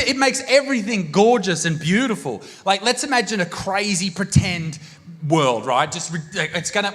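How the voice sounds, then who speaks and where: A man with an Australian accent doing live stand-up comedy, brash and crude, talking loudly into a handheld stage mic. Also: high voice. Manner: brash, crude and loud, bursting into shouts. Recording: long reverb of a live venue.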